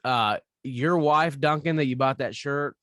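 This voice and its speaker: A man's voice: medium pitch, measured pace, fairly bright tone, no room sound, studio quality. A male podcast host in casual chat, crude and joking, laughing often and reading news items aloud.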